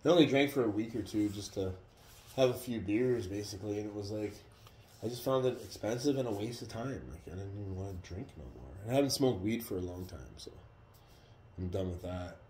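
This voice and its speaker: A man telling a story in a casual, profane, animated way. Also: lowish voice, fairly quick, a little hiss or hum. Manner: profane, animated retelling with acted quotes. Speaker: vlogger. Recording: roomy echo.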